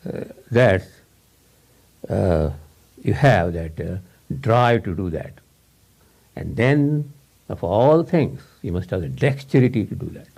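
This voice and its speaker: A man's voice: on the low side, vocal fry, darkish tone, breathy edge. A man giving a spiritual teacher's informal talk to students in English, his second language, rambling and repeating himself with frequent chuckles. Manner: rambling, repetitive, chuckles often.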